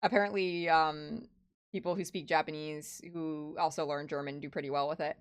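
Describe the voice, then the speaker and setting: A woman's voice: sits low, fairly even intonation, moderate pace, smooth. A young woman streaming a game, chatting casually with lots of restarts and swearing. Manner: rambling, stammering, many restarts.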